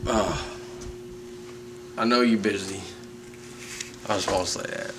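A man's voice: low voice, unhurried. A man playing a drunk, rambling male fan with a Southern accent, swearing and repeating himself in a comedic monologue, heard from a distance. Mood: drunken rambling. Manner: rambling, profane, repetitive. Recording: distant mic with faint background noise.

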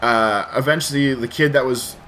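A man's voice: medium pitch, moderate pace, pushed and bright. A man hosting a game playthrough, telling a long story in a casual, rambling way with lots of swearing and restarts. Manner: rambling, profane, with frequent restarts. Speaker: let's play host. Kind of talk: casual storytelling over gameplay.

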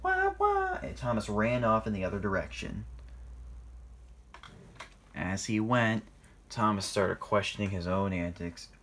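A man's voice: lowish voice, steady tone, measured pace, pauses often, fairly bright tone, a little hiss or hum. A man reading his own fan story aloud, informally and with small slips.

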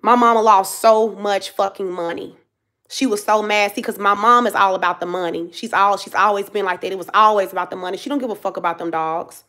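A woman's voice: medium pitch, steady tone, a little fast, sharp tone. A woman in her thirties giving a casual tarot reading, blunt and emphatic, repeating herself and swearing freely. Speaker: tarot reader.

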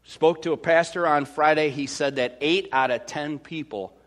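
A Midwestern American man preaching a sermon as pastor, swinging from loud to hushed. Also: fairly high pitch, normal speed.

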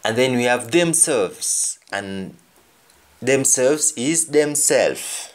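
A man's voice: mid-range voice, lively intonation, extremely slow. A man with a Jamaican accent gives a language lesson, saying each example phrase twice and then translating it. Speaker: language teacher. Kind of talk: explanatory lesson.

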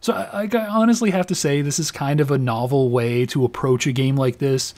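A man's voice: mid-range voice, a little fast, a little mellow. A tipsy man giving rambling, self-mocking let's play commentary. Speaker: game commentator.

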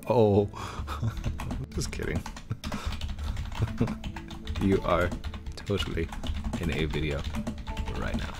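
Slow, low-voiced joking gamer man. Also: lively intonation, vocal fry, music in the background. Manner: rambling, joking, chatting with players. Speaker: gaming video host. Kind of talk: casual gameplay commentary.

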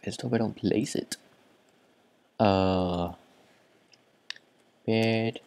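A congested man doing let's play commentary, excitable, often gasping and muttering to himself. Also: fairly low pitch, very slow, gravelly, long pauses. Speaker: gaming channel host.

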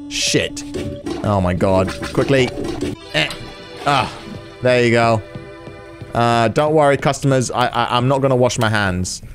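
A man giving casual gameplay commentary with exaggerated reactions, sarcasm and swearing. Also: fairly high pitch. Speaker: gaming channel host.

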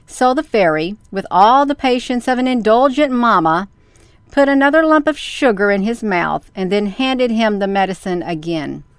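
A woman telling a children's story as storyteller, reading slowly and deliberately. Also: mid-range voice, lively intonation, smooth, dry recording.

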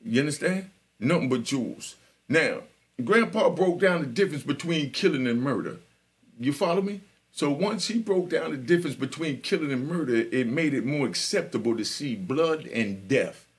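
A man's voice: a little high, lively intonation, normal speed. A man from Jamaica, hosting a live podcast and telling his life story in a street-talk style, often checking that listeners understand. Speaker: podcast host.

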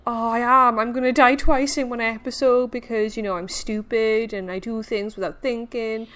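A woman's voice: a little high, fairly even intonation, normal speed, fairly bright tone. A young woman casually commenting on her own gameplay, easily frightened and poking fun at herself. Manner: jumpy, squealing when scared, self-mocking. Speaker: gaming streamer. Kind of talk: casual let's-play commentary.

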